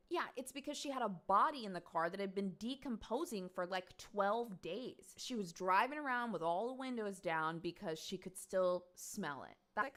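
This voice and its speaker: A woman's voice: mid-range voice, animated, moderate pace, few pauses, fairly bright tone. A woman casually recounting a true crime case to her audience, chatty and emphatic, dropping the odd swear word. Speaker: streamer host.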